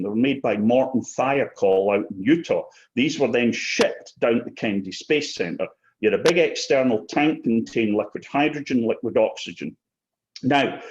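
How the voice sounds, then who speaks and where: Man, 60s, mid-pitched, rambling anecdotal guest, muffled lo-fi recording. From Britain. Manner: anecdotal, frequent throat clearing. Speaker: interview guest, former paratrooper. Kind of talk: casual storytelling. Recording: slightly muffled lo-fi audio.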